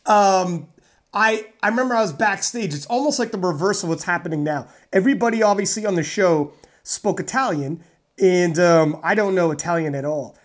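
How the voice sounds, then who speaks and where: A woman strongman athlete from North America, telling a story in a casual interview, animated and rambling with fillers. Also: lowish voice, moderate pace.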